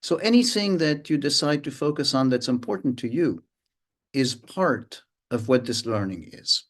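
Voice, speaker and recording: A man giving a reflective mindfulness lesson, taking frequent pauses between phrases. His voice sits at a middling pitch, and he sometimes hums or sounds out rhythms to make a point. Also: animated. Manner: unhurried, pauses often, hums and vocalizes rhythms to illustrate. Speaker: mindfulness teacher.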